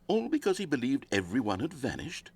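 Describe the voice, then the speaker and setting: A man's voice: medium pitch, huge pitch swings, brisk, creaky, a little mellow, husky, heavily acted. A man narrating a video game story in a dry, wry, scripted manner.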